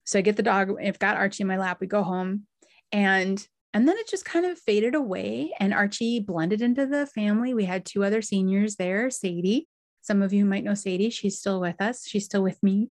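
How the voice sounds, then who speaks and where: A woman podcast host and medium telling a personal story in a heartfelt, emotional way, with pauses and restarts. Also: medium pitch, no room sound.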